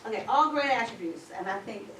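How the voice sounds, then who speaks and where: A woman facilitating a conference workshop chats and encourages the group, affirming them as she goes. Her voice is on the high side, animated, and a little fast, recorded from far off in an echoey conference room with background noise.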